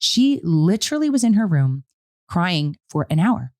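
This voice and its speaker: A middle-aged woman co-hosting a casual parenting talk, telling a family story in an animated way and acting out what she said. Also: fairly low pitch, measured pace. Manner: animated storytelling, quotes her own words. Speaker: podcast co-host.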